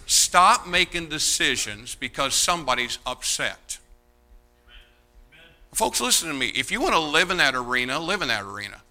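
Man, preacher, sermon, animated and mocking, slightly high pitch, very bright tone. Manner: animated, mocking, swings from loud to hushed. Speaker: pastor.

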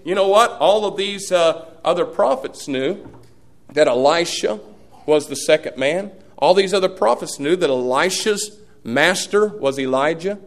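A middle-aged man preaching a sermon as pastor, folksy, swinging from loud peaks to hushed asides. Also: a little high, unhurried.

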